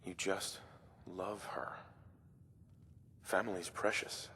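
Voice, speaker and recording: A man voicing a terse, steady male wanderer hero with a husky voice. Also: low voice, slow, slight background noise, exaggerated voice. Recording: game audio with reverb.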